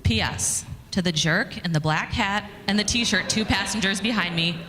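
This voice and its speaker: A woman's voice: mid-range voice, moderate pace, noisy background. A woman telling a story to a conference audience in a chatty, conversational way, with fillers and restarts. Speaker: conference speaker, communications director. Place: conference hall. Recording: reverberant conference hall.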